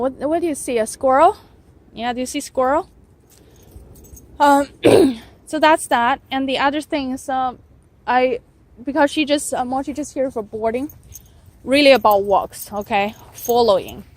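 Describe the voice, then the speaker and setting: A woman dog trainer giving casual advice while walking dogs outdoors, often tagging her points with "right?" and stopping to praise the dogs. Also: medium pitch. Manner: keeps adding "right?" tags, breaks off to praise dogs. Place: outdoors on a walk.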